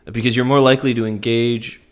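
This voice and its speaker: A man's voice: mid-range voice, level tone, fairly quick, clean tone. A man co-hosting a live podcast, chatting casually with many fillers and frequent laughs. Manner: laughing, meandering, filler-heavy. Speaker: podcast co-host.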